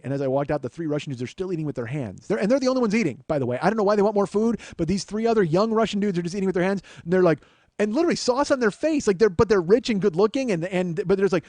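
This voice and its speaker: A man's voice: a little high, rapid-fire, no echo. A man in his forties, a comedian and podcast host, telling a profane story and acting out both sides of the dialogue. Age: 40s. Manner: profane, animated anecdote-telling with acted-out dialogue. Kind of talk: casual comic storytelling.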